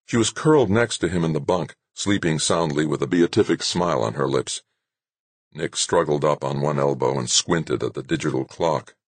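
A man narrating an audiobook in an expressive storytelling manner. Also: rumbling low, moderate pace, slightly rough, dry recording.

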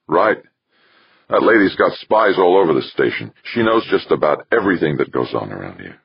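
A sly, blunt smuggler, put on by a male narrator. The voice is extremely deep and husky, with a gravelly edge. The recording is dry and dull. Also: sing-song, moderate pace, no echo, heavily acted. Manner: blunt, slangy, knowing.

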